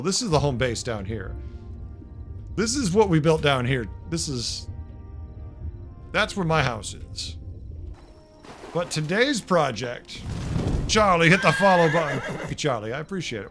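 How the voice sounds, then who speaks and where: Chatty streamer with a Boston accent. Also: male voice, a little high, fairly bright tone. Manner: chatty, talks to chat viewers. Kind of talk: casual livestream chat.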